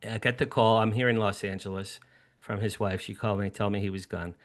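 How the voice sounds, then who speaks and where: Animated older man telling a story. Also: fairly quick. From New Jersey, USA. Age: 60s. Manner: animated storyteller, acts out his younger self with sudden high-pitched bursts. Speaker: guest. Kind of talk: storytelling interview. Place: home room with a drum set.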